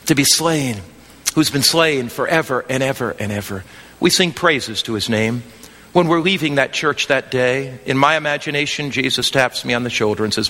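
A man preaching an evangelistic sermon, swinging from impassioned near-shouts to a hushed, gentle altar call. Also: mid-range voice, normal speed, big-room sound.

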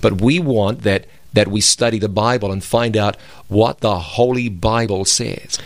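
A man's voice: fairly low pitch, measured pace, no room sound. A man co-hosting a religious broadcast, speaking emphatically in a preacherly way and quoting scripture. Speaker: co-host of a Bible program.

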